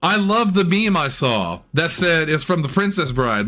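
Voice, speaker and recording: A man's voice: on the high side, sing-song, normal speed, hardly any pauses, pushed and bright. A man hosting a casual podcast chat, ranting heatedly with plenty of profanity. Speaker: podcast host.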